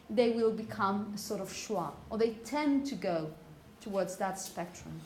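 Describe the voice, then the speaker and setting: A woman's voice: mid-range voice, expressive, a little mellow, slight background noise. Patient woman teaching pronunciation. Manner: patient, checks in with "okay?" and repeats words slowly. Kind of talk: classroom phonetics lesson.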